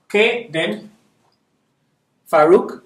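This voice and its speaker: A man's voice: high-pitched, very slow, fairly bright tone, echoey room, recorded from a distance. A man teaching a beginners' Arabic class, patiently drilling syllables aloud and constantly checking that his students are following. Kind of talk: classroom lesson.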